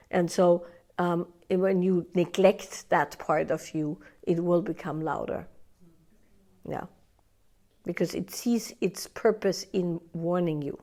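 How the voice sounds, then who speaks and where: A woman teaching a live workshop in a somewhat low voice. She talks in a loose, conversational way, tagging her points with "right?" and "yeah." Now and then she slips into quoted inner voices to show what she means. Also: a little mellow.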